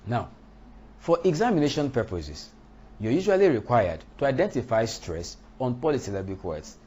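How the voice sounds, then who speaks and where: A man teaching a lesson on English word stress, speaking deliberately and punching out example words. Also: mid-range voice, big pitch swings, dark tone, slightly rough, muffled recording. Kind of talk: lecture on English pronunciation.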